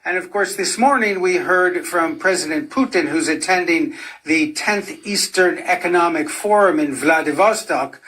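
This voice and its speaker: Higher-voiced male news correspondent. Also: normal speed, few pauses, a bit bright, rough recording. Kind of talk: broadcast news report.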